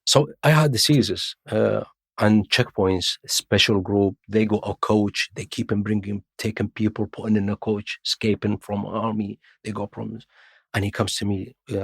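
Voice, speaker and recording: A middle-aged Iraqi man with a low, gravelly voice tells his story in broken English with London slang, often acting out the voices of other people. He speaks as a podcast guest on a dry, close studio mic. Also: steady tone, moderate pace, dry recording. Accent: Iraqi Arabic, with London English slang. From Iraq. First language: Arabic. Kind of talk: casual storytelling interview.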